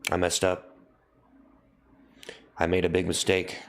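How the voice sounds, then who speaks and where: A man hosting a livestream, repeating a deadpan mock confession over and over. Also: deep voice, a little slow. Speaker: livestream host. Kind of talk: mock-solemn livestream apology.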